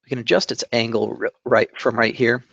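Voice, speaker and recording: Gravelly-voiced man walking through a map tutorial. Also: medium pitch, fairly quick, no echo, highs cut off. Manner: relaxed step-by-step instruction with fillers and self-corrections. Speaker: tabletop game channel host. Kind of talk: screen-recorded drawing tutorial. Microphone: desk microphone.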